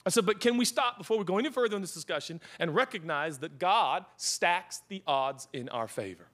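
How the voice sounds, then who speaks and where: A young man preaching a sermon as pastor, animated and joking, shouting for emphasis at times. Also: sits high, fairly quick, hardly any pauses.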